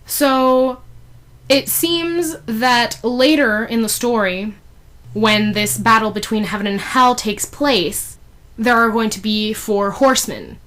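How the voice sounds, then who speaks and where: A woman's voice: a little high, slow, fairly bright tone. Chatty woman recapping a story. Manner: chatty, many fillers, giggly asides. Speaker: fan fiction reviewer. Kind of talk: casual chapter recap.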